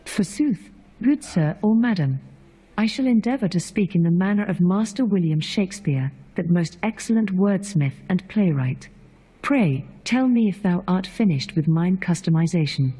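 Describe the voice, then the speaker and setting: A computer-made woman's voice plays a game drone AI putting on Shakespearean airs, all archaic flourishes and formal courtesy. The voice is mellow and soft, with a husky edge. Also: fairly low pitch, animated, normal speed, long reverb tail, low-quality recording. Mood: courtly. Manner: archaic, flowery, formal diction. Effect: synthetic text-to-speech voice.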